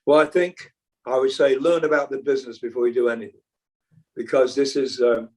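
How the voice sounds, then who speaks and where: A man's voice: mid-range voice, fairly even intonation, a little fast, a little mellow, distant mic, low-quality recording. An older British-born rock singer, a man, chatting casually as an interview guest, rambling with many fillers and restarts. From Britain.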